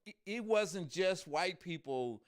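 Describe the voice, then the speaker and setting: A man co-hosting a podcast, talking casually and acting out characters as an animated storyteller. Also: high-pitched, slow. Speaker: podcast co-host.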